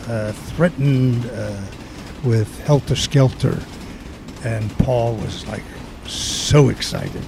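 An older man tells a long, rambling anecdote in casual chat, animatedly acting out the voices of the people in it. His voice is medium-pitched and creaky, with slight background noise in the recording.

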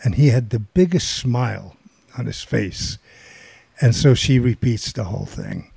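A man's voice: medium pitch, a little slow, vocal fry, breathy edge, no echo. An older man telling a long rambling anecdote in casual chat, acting out the voices of people in it. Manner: rambling, animated storytelling with quoted voices.

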